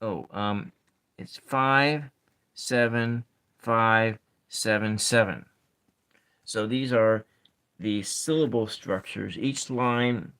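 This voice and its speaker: Very slow soft-spoken man. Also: on the low side, smooth. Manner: slow, halting, counts syllables aloud. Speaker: ASMR channel host. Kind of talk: soft-spoken ASMR poetry session.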